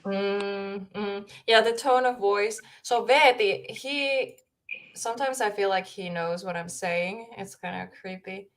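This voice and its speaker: A woman's voice: mid-range voice, takes it slowly. A young woman from Finland hosting a casual livestream from her home, chatting at her desk mic in a giggly, rambling way. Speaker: streamer host.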